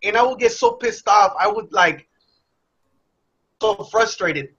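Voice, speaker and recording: A young man telling a candid personal story in a blunt, profane, animated way. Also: high voice, measured pace, breathy edge. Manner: profane, blunt, animated, acts out his past self. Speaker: motivational speaker. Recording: dull lo-fi sound.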